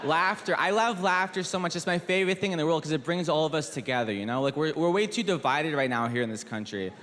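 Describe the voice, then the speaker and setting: A man performing a stand-up comedy routine on a theater stage, with a wry, deadpan delivery. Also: a little high, fast. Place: large theater stage before a live audience. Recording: echoey hall with crowd laughter.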